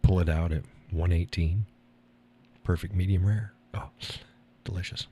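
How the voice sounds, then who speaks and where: A man's voice: low voice, fairly even intonation, moderate pace, mellow, husky. A man hosting a live stream, chatting casually and answering his viewers with frequent laughs. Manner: rambling, laughs often, reads and answers chat.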